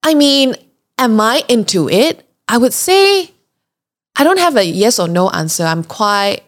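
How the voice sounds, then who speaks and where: A woman's voice: medium pitch, expressive, normal speed. A woman telling a travel story in a casual podcast chat, talking freely, laughing often and acting out what people said. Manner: chatty, laughs often, acts out quotes. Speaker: podcast guest recounting a trip.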